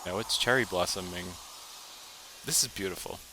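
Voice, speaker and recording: A man's voice: low voice, normal speed, heavy background noise. A man commentating a game he is playing, chatty, with self-mocking asides. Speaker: gaming streamer. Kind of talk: let's play commentary. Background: game music.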